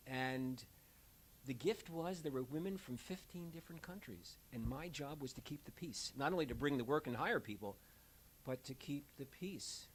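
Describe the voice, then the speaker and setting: A man's voice: on the high side, breathy edge, poor audio. An older man who works as an end-of-life doula, telling personal stories in a conversational way and acting out the voices of the people he quotes. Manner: animated storyteller, acts out quoted voices. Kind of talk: conversational storytelling. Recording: faint hiss.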